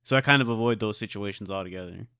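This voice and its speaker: Young male podcast co-host, low pitch, bright clear tone, blunt and matter-of-fact. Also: very fast, dry recording, clean studio sound. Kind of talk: casual chat.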